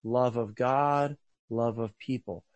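A man preaching a sermon earnestly, rising to loud emphasis and dropping to hushed, soft lines. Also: mid-range voice, fairly even intonation, slow, dry recording, lo-fi sound.

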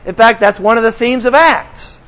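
A man's voice: very high voice, normal speed, a bit bright, poor audio. A man preaching a sermon as pastor, talking conversationally to his congregation and slipping in sarcastic asides.

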